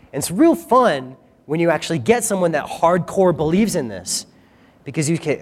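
A man preaching a sermon in a conversational, animated way, acting out quoted voices. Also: fairly high pitch, moderate pace. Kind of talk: sermon teaching. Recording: reverberant hall.

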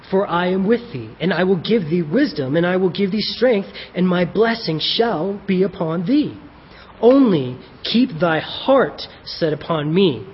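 A man's voice: on the high side, breathy edge. A man preaching a sermon who asks rhetorical questions and answers them himself, then reads a devotional in an old-fashioned scriptural style. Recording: dull, echoey hall with faint hiss.

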